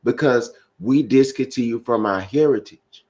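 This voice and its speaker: A man's voice: medium pitch, moderate pace, darkish tone. A man preaching to a live-stream audience, repeating his phrases and building to emphatic bursts.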